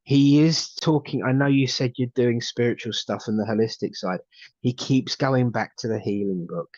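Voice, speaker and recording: A man giving a live psychic reading, talking haltingly with lots of fillers and repeated words. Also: medium pitch, a little mellow, dry recording, lo-fi sound. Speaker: psychic medium.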